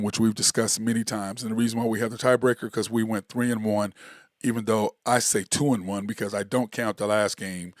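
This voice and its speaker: A man's voice: mid-range voice, no echo, studio quality. A man hosting a solo sports talk show, rambling and sarcastic, full of fillers and restarts.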